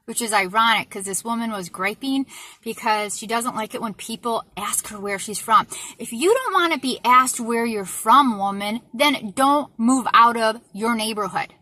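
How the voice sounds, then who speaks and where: A woman's voice: on the high side, normal speed, pushed and bright. A woman from the United States ranting in an indignant, exasperated monologue to her viewers, often repeating herself for emphasis. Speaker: vlogger.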